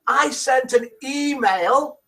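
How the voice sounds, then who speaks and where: A man voicing an enraged Irish son-in-law in a joke, with an attempted Irish accent and loud, strained outrage. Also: extremely high pitch, takes it slowly, distant mic, voice pushed up, exaggerated voice. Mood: outraged. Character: furious Irish son-in-law, packing to leave.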